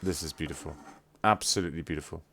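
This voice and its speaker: A man's voice: very deep voice, fast talker, vocal fry, a bit bright, a little hiss or hum. A man chatting casually on a live stream, effusive and playfully teasing. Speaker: livestreamer.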